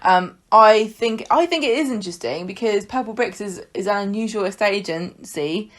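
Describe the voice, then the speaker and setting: A woman's voice: medium pitch, moderate pace. A woman co-hosting a podcast, chatty and hesitant, with frequent laughs. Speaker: podcast co-host. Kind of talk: casual chat.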